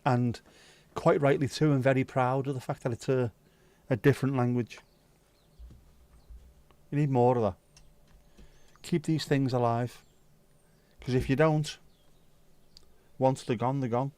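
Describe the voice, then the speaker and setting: A man's voice: medium pitch, steady tone, measured pace, pauses often, dark tone, no room sound. A man hosting a livestream, chatting casually with viewers, rambling and musing aloud with plenty of swearing. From Wales. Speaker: livestream host.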